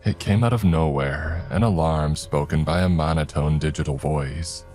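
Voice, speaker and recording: Very deep-voiced man narrating horror. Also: moderate pace, a little mellow, faint music behind. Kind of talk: first-person horror narration.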